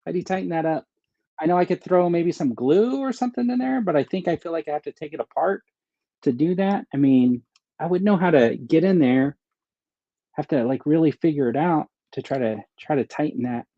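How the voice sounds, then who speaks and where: On a muffled, echo-free recording, a man with a slightly high, dark-toned voice talks fairly quickly. Hosting a laid-back stream about his action figures, he wanders through his thoughts out loud and replies to viewer comments.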